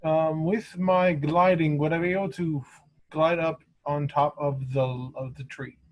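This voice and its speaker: A man's voice: fairly high pitch, fairly even intonation, a little slow, low-quality recording. A man playing a tabletop game, asking hesitant rules questions as he plans his move. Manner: hesitant, checks the rules aloud. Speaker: player.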